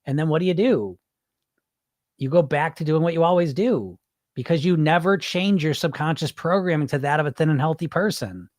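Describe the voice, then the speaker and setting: A man with a fairly high voice talks in a loose, blunt way, dropping the odd swear word as he speaks to his audience. He sounds close and dry, with no room around him. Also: fairly quick, darkish tone, no echo. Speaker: weight loss hypnotist and podcast host. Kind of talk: casual live-stream talk.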